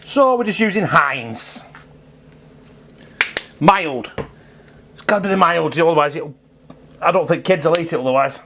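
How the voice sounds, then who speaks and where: A man's voice: on the high side, lively intonation, a little slow, pauses often, fairly bright tone, slight background noise. A man chatting casually and swearing freely while he cooks in his own video, rambling off topic and joking as he goes. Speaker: home cook vlogger. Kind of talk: casual cooking vlog.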